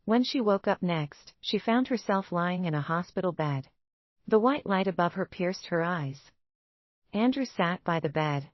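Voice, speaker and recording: A woman giving scripted romance narration in an even, steady reading. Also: fairly low pitch, a little slow, no room sound, muffled recording.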